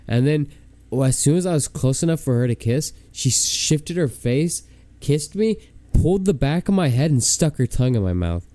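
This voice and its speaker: A man's voice: medium pitch, expressive, moderate pace, warm tone, dry recording. A young man telling a long story on a podcast, rambling and filling it with "like". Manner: rambling, heavy with "like" fillers. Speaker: podcast co-host. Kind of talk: casual storytelling.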